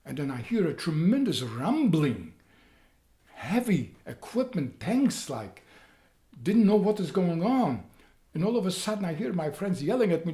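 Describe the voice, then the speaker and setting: An old man recounts his past in a slightly high voice. He stumbles, repeats words and rises to loud excitement at key moments. The room around him adds a noticeable echo. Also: unhurried. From Poland. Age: 80s. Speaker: interviewee. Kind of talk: personal storytelling. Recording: roomy echo.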